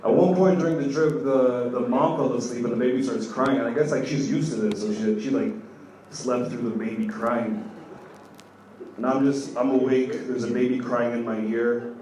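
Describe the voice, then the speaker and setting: A man's voice: mid-range voice, steady tone, moderate pace. Male stand-up comic, young adult, rambling with "like" fillers, distant mic, very echoey club, audible room noise. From Kenya. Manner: loose storytelling with many "like" fillers, rising to loud punchlines. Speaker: stand-up comedian. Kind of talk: stand-up comedy set. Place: comedy club stage.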